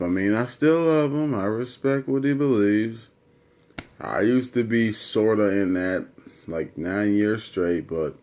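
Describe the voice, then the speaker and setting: A man's voice: on the low side, a little mellow. A young man vlogging, telling a personal story in a rambling, conversational way. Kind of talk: casual storytelling to camera.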